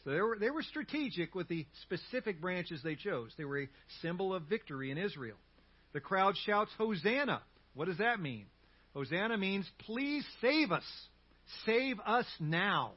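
A man's voice: high voice, sing-song, normal speed, husky, lo-fi sound. A male pastor preaching a sermon with animation and leading the congregation in call-and-response. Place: church sanctuary.

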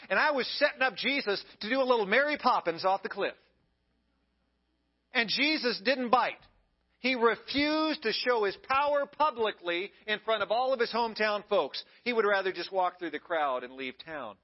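A man's voice: high-pitched, pitched above the performer's own voice. A man voicing a scheming male devil who boasts to his demons in a taunting manner, on a dull lo-fi recording.

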